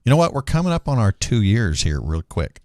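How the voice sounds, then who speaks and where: A man's voice: fairly low pitch, sing-song, brisk, a little mellow, dry recording, clean studio sound. A man hosting a live talk show, rambling and self-deprecating in casual chat. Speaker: show host.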